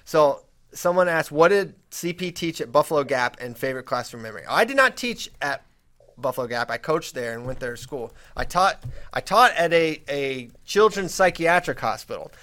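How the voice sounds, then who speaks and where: Speaking at a moderate pace in a voice on the high side, this podcast host chats casually and tells stories. He's animated and frequently starts over mid-thought.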